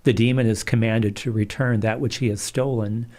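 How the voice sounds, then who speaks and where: A middle-aged man, a Catholic priest, calmly telling stories in an interview. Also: on the low side, normal speed. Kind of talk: storytelling in a livestream interview.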